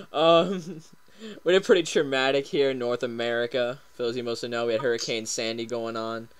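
A man's voice: medium pitch, steady tone, moderate pace, slight background noise. A young man from Canada hosting a casual chat show, giggling and hesitating with lots of fillers. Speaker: podcast host.

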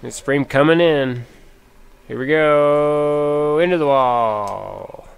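A man giving casual, excitable commentary while playing a racing game, talking to himself and the game and sniffling from allergies. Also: on the high side, slow, vocal fry, smooth. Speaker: gameplay commentator. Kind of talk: casual let's play commentary. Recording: game music playing behind.

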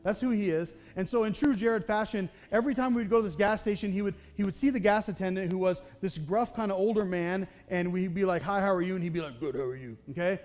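A young man delivers a sermon in a church with a high-pitched voice. He talks in a conversational, self-deprecating way, often checking in with the congregation. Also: fast, hardly any pauses, darkish tone. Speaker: pastor. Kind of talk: sermon with personal storytelling. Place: church sanctuary.

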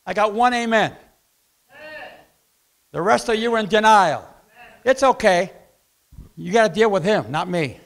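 Male pastor preaching, high gravelly voice, jumps from shouts to near whispers. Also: expressive, a little slow, pauses often. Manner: preaching with sudden swings between loud outbursts and hushed asides; acts out voices in quoted dialogue. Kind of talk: sermon. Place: church.

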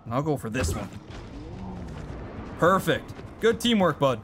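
Excitable man commenting on gameplay. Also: a little high, measured pace, over music. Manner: excitable, swears, shouts at his companion. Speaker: gaming YouTuber.

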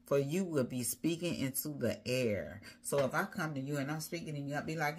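A woman's voice: sits low, brisk, few pauses, a little mellow, slightly rough. A woman preaching a sermon as a prophetess, rhythmic and repetitive, building her points through repeated phrases.

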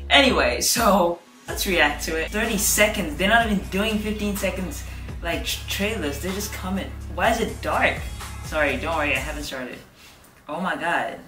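A woman's voice: on the low side, normal speed, recorded from a distance. Gushing young woman in an echoey room. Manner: gushing, exclaims often, chatty asides. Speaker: reaction video host. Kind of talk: excited casual reaction chat. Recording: echoey room, voice off-mic, loud music. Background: music from the video.

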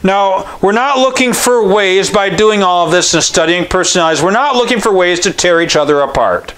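A man's voice: high-pitched, expressive, normal speed, fairly bright tone. A man, a pastor, giving a chatty, joking sermon and often restarting his sentences. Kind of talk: conversational sermon.

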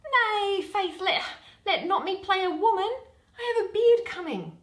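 A reluctant young bellows mender protests in a high, squeaky voice, as a woman puts him on. His pitch jumps about, and the room has a little echo. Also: animated, unhurried, fairly bright tone, heavily acted. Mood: protesting.

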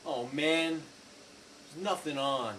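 A man's voice: on the high side, slow, fairly bright tone, distant mic, slight background noise. A young man in a comedy sketch, talking in an exasperated, incredulous way.

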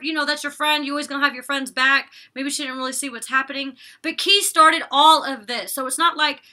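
Bright-voiced, chatty young woman vlogger. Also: high-pitched, steady tone, brisk, hardly any pauses. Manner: chatty and opinionated, recaps scenes with quoted lines, curses casually. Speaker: reality show reviewer. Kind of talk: casual recap vlog.

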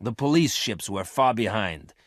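Harsh bossy space thief guy, man reading him, sharp and loud, dry recording. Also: lowish voice, lively intonation, normal speed, dry recording. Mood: commanding. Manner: sharp, forceful. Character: scheming male space thief, harsh and commanding.

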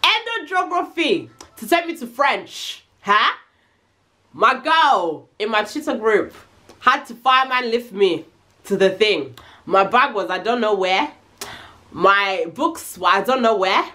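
A young woman telling a casual, slangy storytime, animated and full of swearing. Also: medium pitch, unhurried. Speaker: vlogger.

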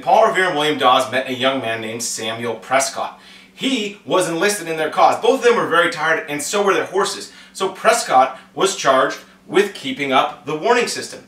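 A man teaching history in a casual, jokey style, tossing in little comic voices as he goes. His voice is bright and animated, swinging widely in pitch. He sounds set back from the mic in an echoey room. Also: recorded from a distance. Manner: playful, acts out quick comic voices. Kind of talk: casual educational explainer.

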